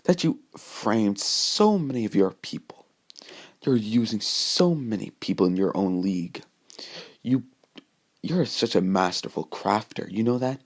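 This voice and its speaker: A man voicing a cold, ageless young man who speaks calmly and cockily, delivering the lines in a loose, halting way. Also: on the low side, creaky. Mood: taunting. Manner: loose, halting quoted dialogue.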